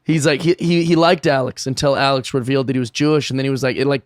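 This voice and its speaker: An American man, a guest comedian, chatting casually on a podcast and telling animated stories. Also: medium pitch, fast, no echo, clean studio sound. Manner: animated, storytelling, excitable laughs.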